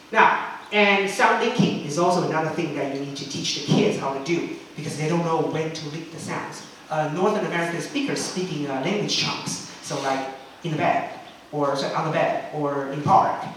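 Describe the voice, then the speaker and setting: A man's voice: fairly high pitch, a bit bright, a little hiss or hum. Man, chatty teacher trainer; recorded far off in a very echoey room. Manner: chatty, frequent "okay?" checks, demonstrates chants. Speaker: English teacher.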